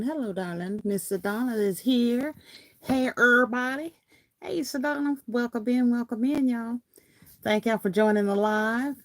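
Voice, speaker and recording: A chatty woman hosts a crafting livestream from home. She reads viewer comments aloud in a folksy way, laughing often. Her voice sits at a middle pitch and sounds dry and close, with little room sound. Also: measured pace, no echo.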